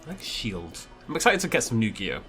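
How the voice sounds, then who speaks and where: A man's voice: medium pitch, big pitch swings, fast talker, sharp tone, faint music behind. A man giving playful, self-mocking let's play commentary. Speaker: gaming YouTuber.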